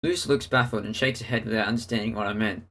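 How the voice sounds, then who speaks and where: Husky man reading a visual novel. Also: lowish voice, fast talker. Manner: steady storytelling read, narrating and giving the hero's lines. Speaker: let's player.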